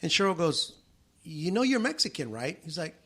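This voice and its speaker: A middle-aged man hosting a podcast, chatting casually and bringing his stories alive by acting out the people in them. His voice sits a little high for a man. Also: moderate pace, slightly rough. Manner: animated, acts out quoted voices in his stories. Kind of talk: casual storytelling chat.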